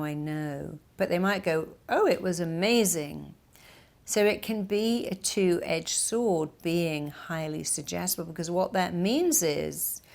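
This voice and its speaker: A woman's voice: on the low side, vocal fry. A middle-aged woman therapist giving an emphatic motivational talk, acting out inner voices as she explains. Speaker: therapist and hypnotherapist.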